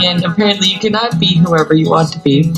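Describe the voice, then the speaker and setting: A woman's voice: fairly low pitch, fast, music in the background. A woman, co-hosting a casual podcast and telling a story while acting out both sides of the dialogue. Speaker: co-host. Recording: dull lo-fi recording.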